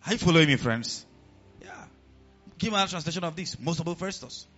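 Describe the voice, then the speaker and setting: A man with a Nigerian accent preaching a sermon as pastor, animated and often asking the congregation questions. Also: on the high side, fast talker, muffled recording, soft background music.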